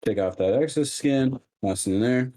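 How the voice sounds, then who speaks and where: A man streaming from his home kitchen, chatting casually and joking at his own slow cooking. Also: mid-range voice, warm tone. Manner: joking, self-mocking, unhurried.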